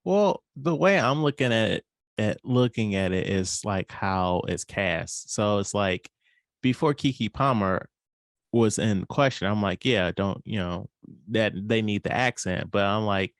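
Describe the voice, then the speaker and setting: A man in casual chat, relaxed and playful, who often acts out quotes as he talks. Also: lowish voice, measured pace, dry recording, clean studio sound.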